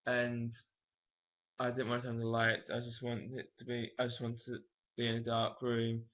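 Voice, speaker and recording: A man's voice: medium pitch, monotone, moderate pace. A young man, telling a personal story to camera in a frank, emotional, rambling way. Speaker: vlogger. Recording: dull lo-fi camera audio.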